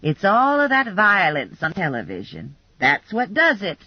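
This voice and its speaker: A woman's voice: mid-range voice, huge pitch swings, a little slow, slightly rough, dry recording, lo-fi sound, full character voice. A reader doing a tutting old lady. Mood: disapproving. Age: older. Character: prim elderly woman, disapproving senior.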